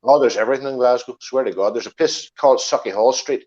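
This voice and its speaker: A man's voice: mid-range voice, fast talker, a little mellow, dull audio. A man from Northern Ireland with a Northern Irish accent, chatting casually as a guest, using local words. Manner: chatty, uses local words like aye and wee. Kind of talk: casual chat.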